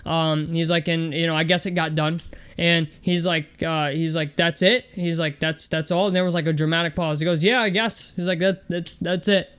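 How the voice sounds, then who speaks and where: A man's voice: high-pitched, fairly bright tone, clean tone. A young man hosting a sports vlog, talking casually and loosely with lots of fillers. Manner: chatty, loose and conversational with many fillers.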